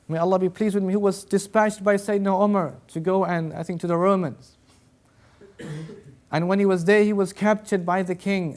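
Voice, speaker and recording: A man's voice: high voice, darkish tone. A man giving an Islamic sermon, earnestly retelling stories with quoted dialogue. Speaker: Islamic lecturer. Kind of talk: sermon with storytelling.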